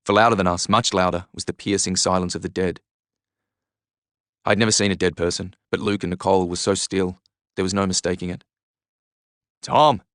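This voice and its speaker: Low aussie guy reading a novel, earnest and measured, dry close mic. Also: flat delivery, fairly bright tone, no room sound. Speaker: reader. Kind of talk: audiobook narration.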